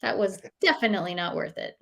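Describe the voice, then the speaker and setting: A woman's voice: medium pitch, expressive, fast, a bit bright. Chatty storytelling woman, full of fillers. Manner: chatty storyteller, many fillers, acts out quotes. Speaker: nutritionist guest. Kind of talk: casual interview chat.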